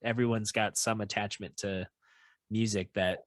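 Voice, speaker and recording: A man's voice: on the low side, level tone, moderate pace. A man hosting a podcast, reflective and thinking aloud in casual chat. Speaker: podcast host.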